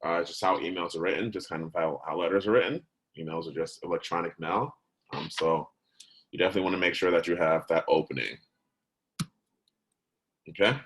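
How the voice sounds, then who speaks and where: In a low-quality recording, a man with a low, fairly bright voice teaches a recorded lesson at a fairly quick clip, broken by long pauses. His style is conversational, with frequent check-ins like "right?" and "okay?", and he sometimes corrects himself mid-word.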